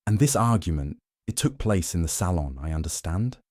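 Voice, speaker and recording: A man voicing a polite, probing older detective in an audiobook, smooth and gently insistent. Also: low voice, lively intonation, normal speed, dry recording, studio quality. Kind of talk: audiobook character voice.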